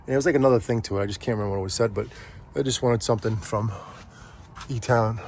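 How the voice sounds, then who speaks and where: A man's voice: medium pitch, quick pace, darkish tone. A middle-aged man chatting casually and rambling as he walks a camera around his garage arcade. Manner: rambling, chatty, self-interrupting. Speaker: vlogger. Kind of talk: casual walk-through chat.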